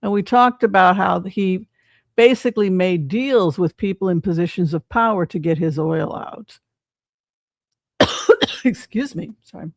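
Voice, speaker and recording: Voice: mid-range voice, creaky, no room sound. Chatty tarot reader, dry close sound. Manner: chatty, asks rhetorical questions. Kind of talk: casual livestream commentary.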